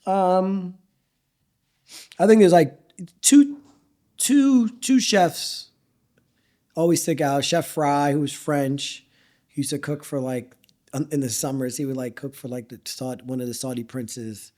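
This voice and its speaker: A man's voice: a little high, slow pace, long pauses. A middle-aged man, a chef, telling stories in a casual interview, acting out quotes and swearing freely. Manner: animated storyteller who acts out quotes, swears freely. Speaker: chef and restaurant owner, guest.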